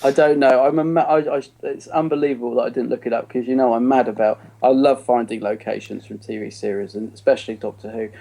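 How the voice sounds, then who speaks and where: Mellow-voiced man in rambling podcast chat. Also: mid-range voice, fairly even intonation, fast talker, gravelly, hardly any pauses. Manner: rambling, full of "you know" and restarts. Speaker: podcast co-host. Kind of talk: casual chat reviewing an episode.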